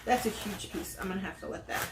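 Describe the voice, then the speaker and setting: A woman's voice: mid-range voice, quick pace, slight background noise. A middle-aged woman, a vlog host, telling a personal story in earnest with many fillers. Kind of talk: casual storytelling chat. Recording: roomy echo.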